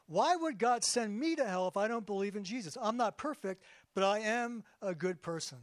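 A man's voice: high voice, lively intonation, normal speed, no echo. A man voicing a puzzled woman from his family, earnest and questioning, quoted during a sermon.

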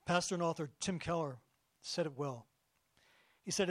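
A man giving a sermon as pastor, conversational and jokey, slowing down for emphasis. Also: fairly high pitch, no echo.

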